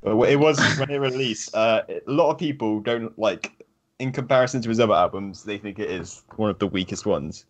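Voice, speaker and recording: A man's voice: on the low side, fairly quick. A man chatting as a podcast guest, talking eagerly and rambling with lots of fillers. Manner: enthusiastic, rambling with many fillers. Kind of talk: casual chat.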